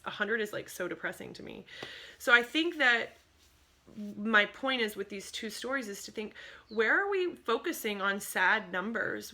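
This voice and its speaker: An animated woman vlogger tells personal stories straight to her phone camera. Her voice is bright and crisp, and she laughs easily between thoughts. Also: medium pitch. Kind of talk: casual personal storytelling.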